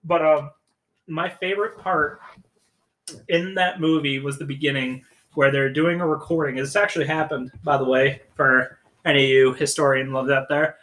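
A man's voice: a little high, moderate pace, rough recording. A man co-hosting a podcast, chatting casually about comedy films and animatedly retelling scenes. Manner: animated storyteller, acts out quotes. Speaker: podcast co-host. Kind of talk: casual chat.

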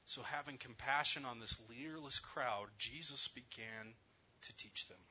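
A man preaches a sermon, telling the story with emphasis and sometimes sinking to a hushed near-whisper. His voice is bright and a little high, with a husky edge. The recording is dull and lo-fi. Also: unhurried. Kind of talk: sermon on a scripture passage.

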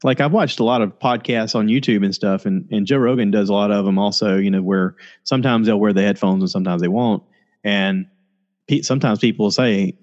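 A man's voice: brisk, dull audio. A man hosting a podcast over a video call, rambling casually and acting out quotes. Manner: rambling, animated, acts out quotes in a high voice. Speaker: podcast host. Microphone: laptop or USB mic with headphones, video call.

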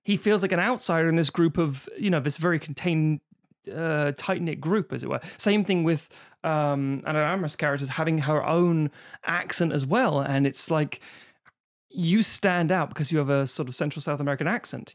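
A man's voice: fairly high pitch, moderate pace. A man chatting casually as a podcast co-host, rambling and swearing freely. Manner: rambling, swears freely, slips into mock voices. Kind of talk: casual chat.

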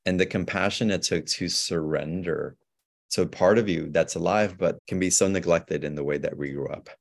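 A man, a podcast guest, speaking about spirituality in a calm, measured, reflective way. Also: low-pitched, gravelly.

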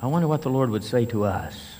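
A man preaching a sermon as a pastor, building to emphatic bursts and then slowing to stress key phrases. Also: mid-range voice, animated, dark tone, big-room sound, slight background noise.

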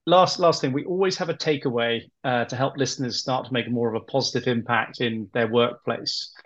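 A man hosting a podcast interview, relaxed and casual, with many ums and uhs. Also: medium pitch, brisk. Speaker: podcast host. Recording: slightly dull, lo-fi sound.

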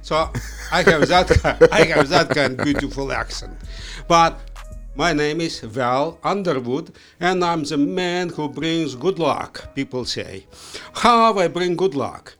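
Male guest in a studio. Slow, halting, playful delivery with non-native grammar. Slightly high voice, faint music under it. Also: lively intonation, a bit bright. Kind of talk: casual interview chat.

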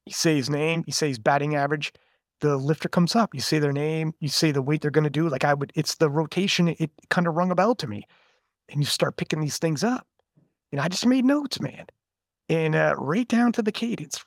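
Emphatic, swearing man with a higher voice. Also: no echo, studio quality. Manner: emphatic, profane, repeats words for stress. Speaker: sports commentator guest. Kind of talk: casual podcast interview.

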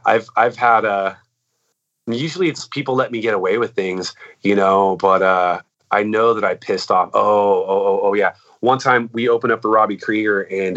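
A musician talking in a casual, rambling way, swearing a lot and saying "like" and "dude" all the time. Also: male voice, lowish voice, a bit bright, lo-fi sound. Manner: rambling and profane, full of "like" and "dude". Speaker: musician in a band. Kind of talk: casual chat.

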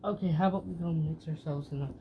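A woman's voice: deep voice, quick pace, dull audio, noisy background. A drunk woman co-hosting a podcast, blunt and teasing in casual chat.

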